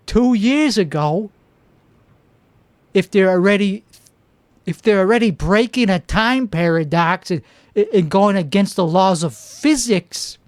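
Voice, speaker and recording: A man's voice: high voice, no echo. A man playing a self-important, clueless would-be politician who hosts a comic monologue, rambling and boastful and stumbling over his restarts. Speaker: comedy show host. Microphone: two microphones.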